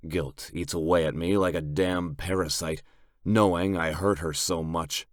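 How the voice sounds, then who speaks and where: A man narrating a first-person romance audiobook in a steady, gritty storytelling manner. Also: sits low, a little slow, no echo, studio quality.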